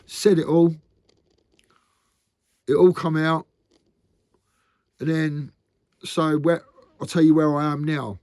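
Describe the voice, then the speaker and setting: A man speaks frankly to camera in a rambling confessional vlog, circling back on his points and dropping "mate" at the ends of lines. His voice sits a little higher than most men's, and the sound is close and dry with no room echo. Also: little pitch movement, slow, long pauses, darkish tone. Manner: rambling and earnest, often ending lines with "mate". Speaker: vlogger.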